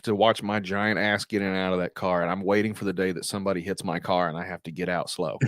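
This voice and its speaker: A man's voice: fairly low pitch, no echo, studio quality. A man talking casually as a podcast guest, blunt and crude and swearing freely. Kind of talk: casual chat.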